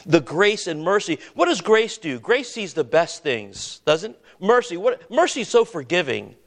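High-voiced preacher asking the congregation. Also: male voice, very animated. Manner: preaching with call-and-response questions to the congregation; slows down to stress words, then drops low and quiet. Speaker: pastor. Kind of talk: sermon.

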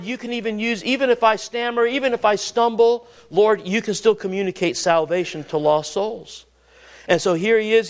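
A man preaching a sermon in an earnest way, often repeating and restarting his words. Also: clean tone. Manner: earnest, repeats and restarts words, rises and drops pitch for emphasis.

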